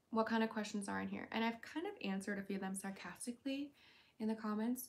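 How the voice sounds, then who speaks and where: A woman hosting a casual livestream, reading viewer comments aloud in a playful, chatty way. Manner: jumps to a high baby voice when calling her cat. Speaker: livestream host.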